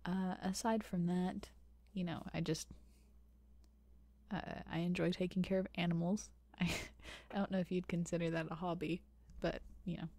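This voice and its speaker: A young woman with a tamed Southern accent speaks softly into a close mic, slipping in and out of whispers. Her voice sits low and mellow, with a gravelly fry at the edges. The sound is dry and intimate, as in a soft-spoken ASMR Q&A. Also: level tone, moderate pace, dry recording. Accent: softened Southern US. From American South. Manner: soft, partly whispered, hesitant with many fillers. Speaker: ASMR channel host. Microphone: close microphone.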